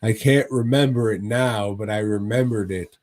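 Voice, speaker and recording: A man's voice: lowish voice, normal speed, a little mellow. A man co-hosting a casual movie review podcast, retelling plots in a rambling, profane way. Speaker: podcast co-host.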